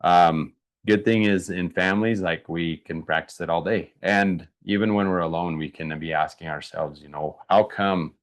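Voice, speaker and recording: A man's voice: deep voice, normal speed. A man presenting an online workshop, talking conversationally with many fillers and asking viewers to answer in the chat. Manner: conversational, thinks aloud with fillers and restarts; asks the audience to answer in chat.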